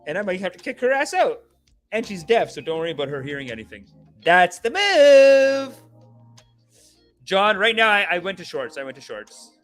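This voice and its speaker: Animated, profane young man riffing. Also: sits high, quick pace, soft background music. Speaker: podcast host. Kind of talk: comedic podcast rant.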